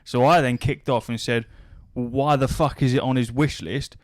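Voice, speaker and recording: In a casual storytelling chat, a male podcast host swears often and quotes both parties in a back-and-forth exchange. His pitch is ordinary and mid-range, his tone steady, his speed normal. It's a dry, close recording without room ambience.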